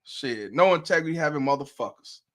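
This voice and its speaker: A man's voice: on the high side, animated, brisk, fairly bright tone. A man hosts a live stream, reacting to a played clip with loose, profane commentary. He laughs often and speaks bluntly in a slightly raised voice. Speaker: host.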